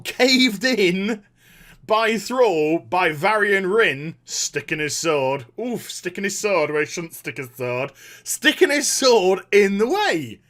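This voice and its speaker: Sarcastically tearing into a game's story, this gaming commentator swears freely and mocks its characters in an animated opinion rant. His voice sits high and sounds a bit bright.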